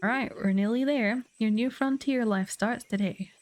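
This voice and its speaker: A woman's voice: on the high side, moderate pace, a little hiss or hum, lightly acted. A woman reading a friendly frontier wagon guide. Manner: plain reading without an accent. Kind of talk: reading game dialogue aloud on stream.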